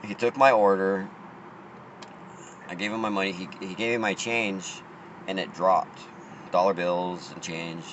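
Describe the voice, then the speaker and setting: A man with a fairly low voice tells a story in a rambling, swearing-laced rant, stumbling and restarting as he goes. He is recording outdoors, and passing cars and a clear wash of street noise sit behind him. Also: steady tone, unhurried, long pauses, fairly bright tone, rough recording. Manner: profane, rambling, many restarts.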